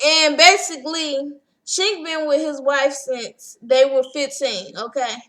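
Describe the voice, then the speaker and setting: A young woman breaks down a reality show episode in a loose, sassy vlog style. Her voice sits high and bright. She slips into quick impressions of what everyone said. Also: steady tone. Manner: chatty, sassy, acts out quotes. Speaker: TV recap vlogger. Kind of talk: casual show recap.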